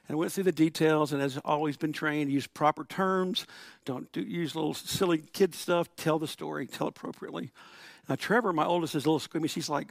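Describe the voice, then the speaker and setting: A man's voice: on the high side, steady tone, a little fast, gravelly, no echo. A middle-aged man preaching a sermon to his congregation in a church, telling stories and acting out quotes. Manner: storytelling with laughs and acted-out quotes. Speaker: pastor.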